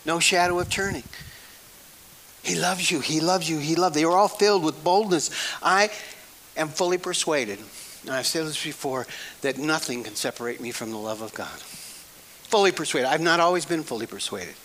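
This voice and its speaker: A man's voice: a little high, moderate pace, a bit bright, a little hiss or hum, low-quality recording. A male preacher giving a folksy, emphatic sermon, repeating phrases and often breaking into laughter.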